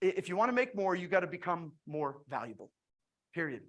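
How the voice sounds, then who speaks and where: Energetic woman sales trainer telling stories. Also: fairly low pitch, fairly quick. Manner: energetic storytelling with frequent restarts. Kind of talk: motivational sales talk with retold conversations.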